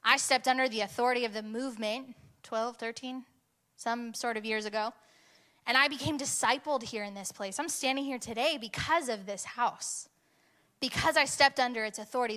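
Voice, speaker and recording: This is a sermon from a young woman who shares a personal story with lively energy, her delivery flaring up into intense passages. She talks at normal speed in a voice pitched a bit high.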